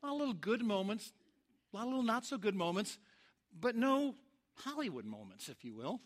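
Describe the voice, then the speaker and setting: A man preaching a sermon, telling a sports story with lively acted-out quotes and shouts. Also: high-pitched, brisk. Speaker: pastor.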